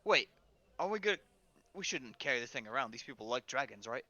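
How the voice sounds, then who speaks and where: A man's voice: mid-range voice, big pitch swings, fast talker, bright, forceful tone, lo-fi sound. A man playing a tabletop game, describing the scene with many fillers. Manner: hesitant, lots of fillers. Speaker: player. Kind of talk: casual tabletop chat.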